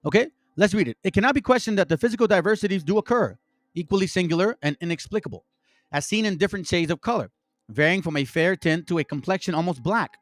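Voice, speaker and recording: A man's voice: high voice, fast, dry recording. A man hosting an online commentary, reading passages aloud and reacting in a heated, profane rant full of stumbling restarts. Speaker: channel host.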